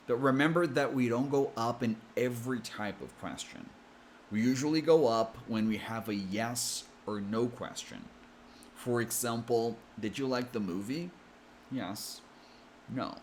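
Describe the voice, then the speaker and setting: A man with an American accent, coaching English pronunciation with slow, careful explanations. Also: medium pitch, lively intonation, a bit bright, a little hiss or hum. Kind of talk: explanatory lesson.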